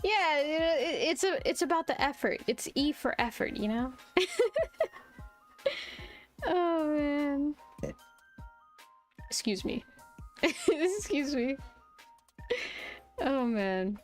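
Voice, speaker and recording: Young woman streamer, kinda high voice, giggly rambly chat, soft music in the back. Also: animated, slow pace, pauses often. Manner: giggly, self-deprecating, rambling with restarts. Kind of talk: casual live-stream chat while drawing.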